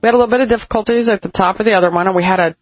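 A woman's voice: mid-range voice, no room sound. Woman cohost on the radio, rambly, lots of ums, dry muffled sound. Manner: rambling, halting with many fillers. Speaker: radio co-host. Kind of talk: casual radio talk.

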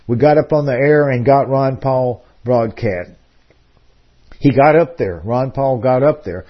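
A man's voice: medium pitch, measured pace. Rambling talk-radio man, lo-fi sound. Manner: discursive, frequent fillers and restarts. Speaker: radio host.

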